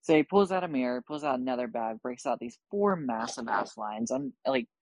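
A woman's voice: a bass voice, brisk, dry recording, low-quality recording. Profane woman telling a wild story. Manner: profane, animated, acts out quoted dialogue. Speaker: podcast guest. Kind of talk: casual storytelling.

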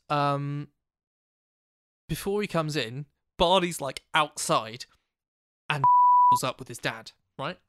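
A man, a podcast co-host, telling an animated, sweary anecdote in casual chat. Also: a little high, clear, resonant tone, dry recording, clean studio sound.

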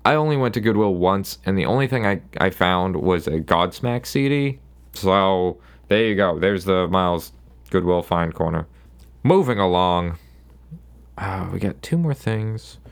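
A man with a low, clear, resonant voice and lively intonation speaks a little slowly as he hosts his own solo podcast. He rambles casually and sarcastically, often interrupting himself to restart sentences.

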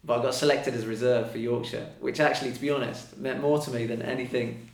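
A man of middle pitch with a gravelly, creaky edge, talking casually as a podcast guest. He is chatty and slips into quick acted-out exchanges of what people said. The recording sounds roomy, with noticeable echo. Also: fairly even intonation. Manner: chatty, acts out quoted exchanges. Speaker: podcast guest, elite mountain runner. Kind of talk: casual conversation.

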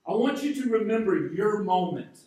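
Guy preaching in a big church, kinda high voice, mic far off and lots of echo. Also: very animated, normal speed, warm tone. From North Georgia, USA. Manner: conversational storytelling with frequent repeated starts. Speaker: pastor. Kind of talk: sermon. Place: large church sanctuary. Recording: very echoey hall, voice from a distance.

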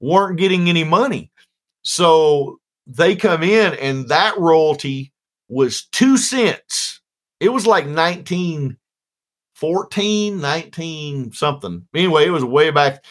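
Lively, laughing man with a slow drawl. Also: a little high. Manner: laughs often, lively storytelling. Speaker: guest songwriter. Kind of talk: casual podcast chat.

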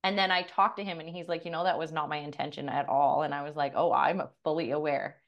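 A woman's voice: low voice, fairly even intonation, fast, lo-fi sound. A middle-aged woman co-hosting a podcast, telling a personal story with blunt, profane candor and acting out the dialogue. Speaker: podcast co-host, coach.

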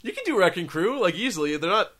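A man's voice: high voice, very animated, quick pace, crowd noise. Man explaining in casual chat. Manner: explains at length, swears casually.

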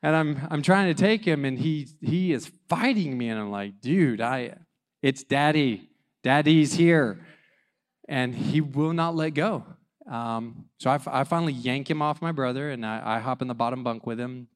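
A man in his thirties telling a personal story about being a father, animated and self-mocking, acting out the dialogue. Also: mid-range voice, moderate pace, smooth.

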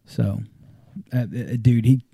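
A man's voice: mid-range voice, takes it slowly, vocal fry, slightly rough, no echo, clean studio sound. A man in casual podcast chat, talking animatedly and swearing freely. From not from Texas, lives in Texas. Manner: animated, swears, slips into a put-on drawl when excited.

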